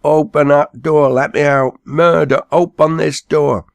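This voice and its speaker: A man's voice: a little high, fairly even intonation, unhurried, creaky, dry recording, voice pushed up. A man doing a panicked drunk old besom maker. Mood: terrified yelling. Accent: Lancashire dialect.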